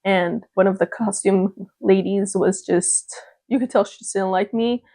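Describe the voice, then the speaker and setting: A woman's voice: mid-range voice, steady tone, unhurried, warm tone, no room sound. A young woman vlogging in a casual chat to camera, talking freely and laughing often. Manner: chatty, laughs often, mimics gushing voices.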